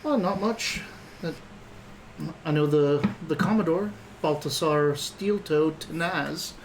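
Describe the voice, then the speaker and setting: A man with a fairly high voice runs a tabletop roleplaying game as game master, voicing the people the players meet. Faint noise hums behind him. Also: slow, poor audio.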